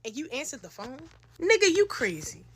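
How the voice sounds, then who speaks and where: A young woman tells a messy storytime in a casual, slangy way. Her voice sits high and sounds bright and sharp, and she throws herself into acting out every line. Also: normal speed, slight background noise. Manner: animated, slangy, acts out voices in her telling.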